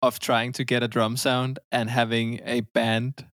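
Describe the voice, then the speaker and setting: A man's voice: mid-range voice, little pitch movement, fairly bright tone, no room sound, studio quality. A man hosting a podcast interview, reacting with sympathy to his guest's story. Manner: empathetic, quick reactions and laughs. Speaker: podcast host. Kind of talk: casual interview chat.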